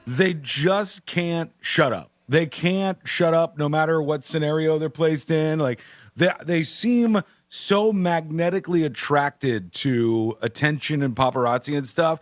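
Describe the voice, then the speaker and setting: A man's voice: fairly high pitch, measured pace, no echo, studio quality. A man hosting a radio talk show, telling a celebrity story in a mocking, exasperated way and laughing along. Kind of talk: animated radio chat about celebrity news. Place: radio studio.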